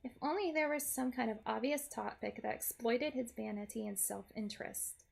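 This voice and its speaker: A woman's voice: on the high side, moderate pace, vocal fry. A woman voicing a sarcastic, wisecracking young woman held hostage in a game. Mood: scheming. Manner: sarcastic, wry.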